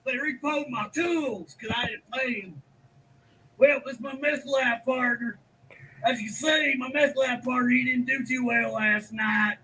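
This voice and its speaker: Earl Webster, a shrill trailer-park loudmouth. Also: male voice, fairly even intonation, measured pace, a little hiss or hum, full character voice, low-quality recording. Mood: crude bragging. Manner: loud, crude and boastful. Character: crude trailer-park man giving a house tour.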